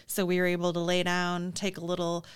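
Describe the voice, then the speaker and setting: A woman's voice: lowish voice, completely flat delivery, fairly quick, smooth. A woman co-hosting a business coaching podcast, upbeat and chiming in with short agreements. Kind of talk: casual podcast chat.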